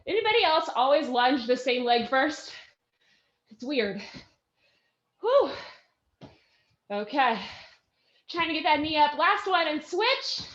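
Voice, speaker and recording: A woman's voice: sits high, very animated, measured pace, a bit bright, reverberant, highs cut off. A woman leading a live workout class, counting reps and cheering her team on while out of breath. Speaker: fitness instructor.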